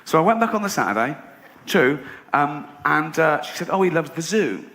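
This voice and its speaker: A man's voice: a little high, big pitch swings, moderate pace, bright, forceful tone. A man doing a stand-up comedy set, telling stories in a sardonic, mock-indignant way. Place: theatre stage before a laughing audience. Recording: roomy hall with audience noise.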